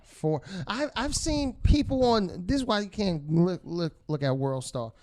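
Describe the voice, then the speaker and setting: A man's voice: high voice, expressive, unhurried, darkish tone. A man co-hosting a podcast in casual chat, teasing and laughing often. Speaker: podcast co-host.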